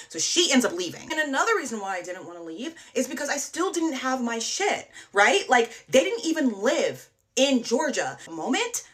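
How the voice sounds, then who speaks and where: A young woman telling a dating horror story to her phone in a casual, animated way, acting out what people said and swearing freely. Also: mid-range voice, a little fast, few pauses. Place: indoors, TikTok video.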